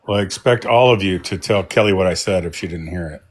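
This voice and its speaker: A man's voice: deep voice, fast, slight background noise. A man on a video call, joking bluntly and swearing crudely in casual chat. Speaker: group chat participant.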